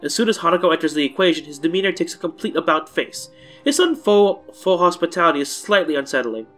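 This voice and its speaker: A man's voice: fairly high pitch, lively intonation, quick pace, fairly bright tone, soft background music. A man hosting a let's-play, reading a visual novel aloud casually and correcting his own stumbles.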